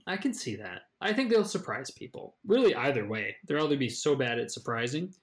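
A man in casual sports chat about fantasy football, mid-pitched and chatty. He hedges his picks and often restarts a phrase before he finishes it. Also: big pitch swings, fairly quick. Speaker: fantasy football podcast co-host.

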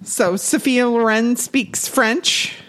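A woman's voice: a little high, slow pace. A woman co-hosting a podcast, recapping a film in casual chat with dry asides. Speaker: podcast co-host.

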